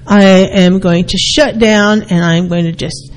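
A woman's voice: lowish voice, fairly even intonation, a little slow, slight background noise, rough recording. A middle-aged woman, a counselor, hosting a talk show and explaining behaviors, now and then acting out short quoted exchanges.

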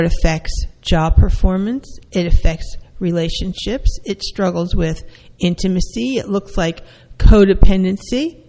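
A therapist explaining a concept to listeners at an unhurried pace. The delivery is measured, with pauses and restarts. The voice carries a long hall reverb. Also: mid-range voice, creaky, dark tone. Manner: measured, with frequent fillers and restarts. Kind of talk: explanatory talk to an audience.

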